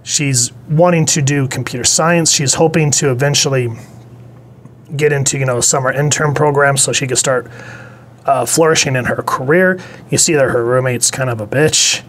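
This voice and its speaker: A man talks through a comic book review in a loose, chatty way. He wanders off on tangents and swears casually. His voice sits at an ordinary pitch, with a faint hum of room noise underneath. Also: normal speed, fairly bright tone.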